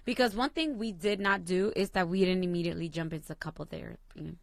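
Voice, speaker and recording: A young adult woman co-hosting a casual chat, telling stories in an animated way and swearing freely. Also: fairly low pitch, quick pace, creaky, no room sound. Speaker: co-host.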